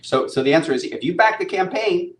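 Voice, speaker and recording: A man's voice: sits high, animated, fairly quick. A man hosting a casual live-stream chat, upbeat and chatty. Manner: upbeat, chatty, laughs often. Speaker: host and comic book publisher. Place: studio set with a bar. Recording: echoey room.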